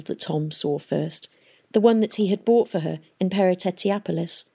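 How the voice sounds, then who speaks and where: A woman reading an audiobook in a measured, even storytelling manner. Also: fairly low pitch, vocal fry, breathy edge. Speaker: audiobook narrator. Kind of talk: scripted audiobook narration.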